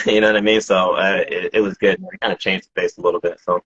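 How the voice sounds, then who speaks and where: Husky guy with a bright edge, rambly b-boy interview, lo-fi audio. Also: low-pitched, level tone, fast, few pauses. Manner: rambling, many restarts and slang. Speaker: breakdancer guest. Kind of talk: casual interview chat.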